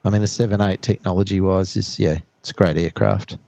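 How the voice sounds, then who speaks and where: A man's voice: deep voice, fairly even intonation, a little fast, creaky, mellow, no room sound. A man with an Australian accent, co-hosting an outdoor plane-spotting live stream, friendly and chatty as he greets viewers. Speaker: co-host reading live chat. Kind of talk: casual live stream chat. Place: outdoors at an airport.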